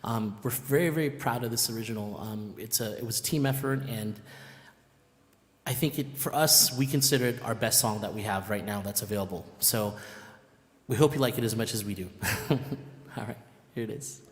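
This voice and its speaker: A man from a band telling a lively story in casual chat, laughing and acting out what people said. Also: lowish voice, brisk. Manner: animated, laughing, acts out quotes. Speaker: band member, musical guest. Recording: long hall reverb.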